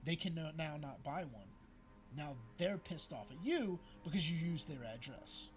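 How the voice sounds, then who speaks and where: A man's voice: fairly high pitch, animated, moderate pace, a little hiss or hum. A man co-hosting a gaming stream, talking in a casual, argumentative way and swearing freely. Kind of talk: casual chat over gameplay.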